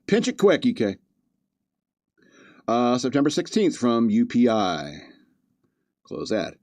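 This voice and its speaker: A man's voice: medium pitch, sing-song, slow pace, long pauses, a little mellow, dry recording. A man hosting a podcast, reading news stories aloud with joking asides and frequent chuckles. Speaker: podcast host. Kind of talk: casual comedic commentary.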